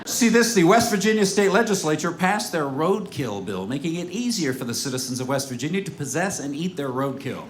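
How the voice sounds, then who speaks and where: High-voiced man doing topical jokes. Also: big pitch swings, a little fast, few pauses, a little hiss or hum. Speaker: stand-up comedian. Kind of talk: stand-up comedy.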